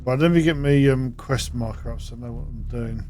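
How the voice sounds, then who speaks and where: A man's voice: medium pitch, a little fast, darkish tone, slight background noise. A man giving casual, chatty gameplay commentary, thinking aloud as he plays. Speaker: gaming channel host.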